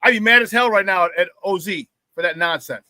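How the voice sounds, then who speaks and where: A man's voice: high-pitched, quick pace, pushed and bright, no echo. A man hosting a casual sports talk show, brash and profane, trash-talking rivals and laughing often between remarks.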